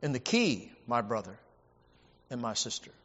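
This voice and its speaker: A man's voice: mid-range voice, big pitch swings, normal speed, fairly bright tone. A man preaching a sermon, emphatic and repetitive, often stammering as he restarts a phrase. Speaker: preacher and Bible teacher. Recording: dull audio with long hall reverb.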